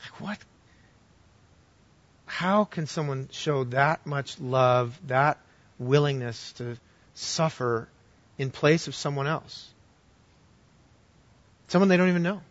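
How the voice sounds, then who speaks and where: A man's voice: medium pitch, slow pace, long pauses, dry recording. Male pastor delivering an earnest sermon, storytelling in a dry, dull-sounding recording. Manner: earnest storytelling with shifts between loud and hushed.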